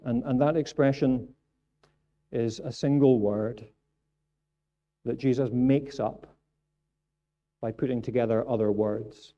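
A Scottish man preaches in a church, his voice very dark and mellow in timbre. He drops to soft, reflective stretches and then builds to loud, emphatic peaks. The recording is muffled and lo-fi. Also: mid-range voice, normal speed, long pauses. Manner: animated preaching, builds to raised emphatic passages. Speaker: pastor. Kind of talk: sermon. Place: church sanctuary. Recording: dull lo-fi sound.

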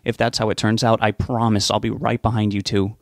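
A man's voice: lowish voice, little pitch movement, brisk, creaky, dry recording, studio quality. A man reading an audiobook, voicing an anxious, stubborn young man who talks in an earnest, pleading way. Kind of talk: audiobook character voice.

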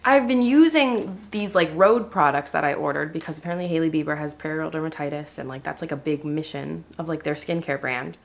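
A woman's voice: sits low, fairly quick, gravelly, hardly any pauses. A young woman vlogging casually to camera, rambling with many fillers, upset and tearful. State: crying, upset. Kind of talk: casual vlog talk to camera.

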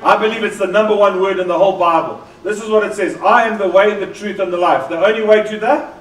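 South African male preacher, high voice, lively and jokey, in an echoey hall heard from far off. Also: quick pace. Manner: lively, joking, draws in the congregation. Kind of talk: sermon.

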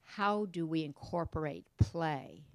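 A woman's voice: low-pitched, expressive, takes it slowly, darkish tone, dry recording. A woman interviewing a guest onstage, asking loose, rambling questions full of fillers.

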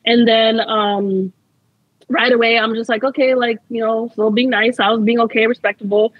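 A woman's voice: on the high side, steady tone, moderate pace, no room sound, highs cut off. A young adult woman, a guest in a casual interview, telling a story in a chatty way, laughing often and saying "like" a lot.

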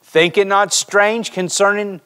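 Guy preaching in church, pretty high voice, tells stories and keeps asking the room if they're with him. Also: unhurried, clear, resonant tone. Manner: storytelling preacher, animated, addresses congregation directly. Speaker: pastor. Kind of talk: sermon. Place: church sanctuary.

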